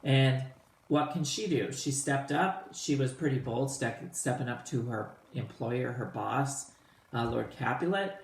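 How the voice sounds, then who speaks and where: A man teaching a play to students in a casual, animated way, retelling the old lines in everyday slang. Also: mid-range voice, unhurried, gravelly, echoey room, slight background noise, poor audio.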